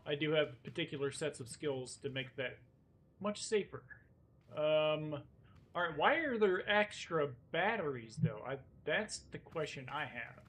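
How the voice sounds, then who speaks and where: A man's voice: a little high, lively intonation, measured pace, a bit bright. A man streaming a video game, joking and talking to himself as he plays. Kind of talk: casual gameplay commentary. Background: game music.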